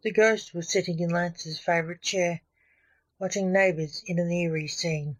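A woman's voice: on the low side, fairly even intonation, normal speed, no room sound. A woman reading a comic story aloud as its storyteller.

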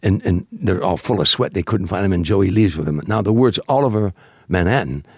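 Husky-voiced older man spinning a story. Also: low voice, a little fast, dry recording, studio quality. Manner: animated storyteller, acting out quoted voices. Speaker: comedian guest telling stories. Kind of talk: casual storytelling.

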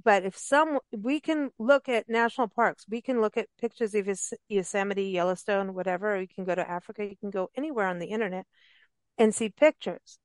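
A woman's voice: medium pitch, brisk, dry recording. Chatty enthusiastic woman host, dry sound. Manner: enthusiastic, rambling, chatty with laughs. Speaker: radio show host. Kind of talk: casual interview chat. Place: travel and parks radio show.

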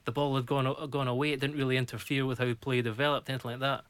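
A man who once played football talks through incidents calmly. His voice sits mid-range, and the recording is dry and close. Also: mid-range voice, quick pace, clean tone, dry recording. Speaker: former footballer and pundit. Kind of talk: casual podcast chat.

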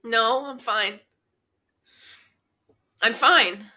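A woman's voice: fairly high pitch, very slow, pushed and bright. A woman co-hosting a podcast in casual chat, laughing easily and asking short questions. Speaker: podcast co-host.

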